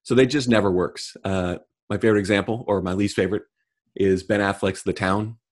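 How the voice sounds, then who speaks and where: A middle-aged man co-hosting a casual comedic chat, delivering deadpan mock rants. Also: fairly low pitch, a little fast. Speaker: podcast co-host.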